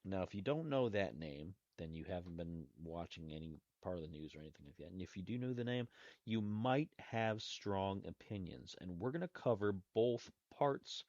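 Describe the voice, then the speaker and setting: Rambling low-voiced podcast host. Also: male voice, animated, normal speed, darkish tone, dry recording. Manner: loose and rambling, with restarts and asides. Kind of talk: casual solo podcast talk. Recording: dry, dull lo-fi sound.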